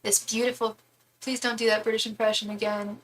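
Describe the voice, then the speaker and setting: A woman's voice: fairly high pitch, little pitch movement, brisk, slight background noise. A young woman reading tarot on a live stream, rambling and chatty, full of fillers as she tells stories. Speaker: tarot reader and psychic medium. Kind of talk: casual live-stream chat.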